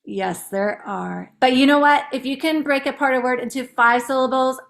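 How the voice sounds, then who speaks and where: Upbeat woman teacher, bright and chatty. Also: sits high, flat delivery. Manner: chatty, upbeat, demonstrates words slowly in syllables. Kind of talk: casual teaching demo.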